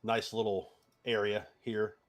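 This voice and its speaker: Easygoing male game master for a tabletop game, low voice, halting delivery. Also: little pitch movement. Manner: easygoing, halting, many fillers.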